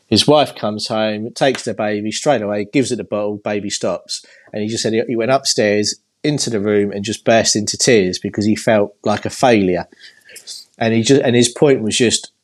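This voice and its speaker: Chatty young man, expectant father. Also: fairly low pitch. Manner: chatty, rambling, laughs at himself. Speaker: podcast co-host, expectant father. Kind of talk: casual chat.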